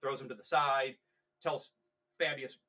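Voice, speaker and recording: A podcast co-host with a mid-range voice, little pitch movement, and a sharp tone speaks unhurriedly. He rambles casually through a novel's plot, acting out the characters' lines mid-story as he goes.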